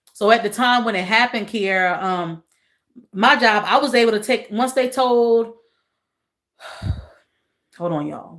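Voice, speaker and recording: Woman, livestream host; casual chat with viewers, soft and emotional, repeats lines. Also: medium pitch. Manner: repeats phrases, talks to chat as y'all.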